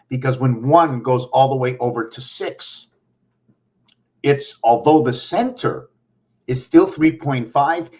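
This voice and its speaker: A man vlogging from home, talking in a meandering monologue full of pauses and restarts. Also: medium pitch. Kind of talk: rambling monologue to camera. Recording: dull lo-fi recording.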